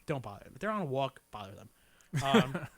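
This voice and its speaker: A man's voice: medium pitch, very animated, fairly quick. A young man, a podcast guest, telling a story in casual chat, rambling and full of "like" and swearing. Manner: rambling, lots of "like", swears freely.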